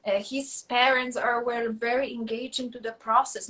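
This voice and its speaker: A woman telling stories in a casual interview, animated and full of fillers and restarts, acting out quoted dialogue. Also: fairly high pitch, moderate pace, hardly any pauses, slight background noise, low-quality recording. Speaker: guest.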